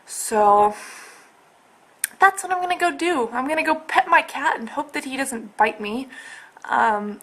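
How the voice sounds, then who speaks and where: A woman's voice: a little high, bright, forceful tone. Exasperated young woman rambling to camera. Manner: rambling and exasperated, many fillers like "like". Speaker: vlogger. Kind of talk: casual personal video update. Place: at home, indoors.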